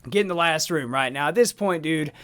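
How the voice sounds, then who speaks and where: Animated, foul-mouthed man telling a story. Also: on the high side, a little fast, clean tone. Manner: animated, swears a lot, acts out his own screams. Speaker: podcast co-host. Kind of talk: profane casual storytelling.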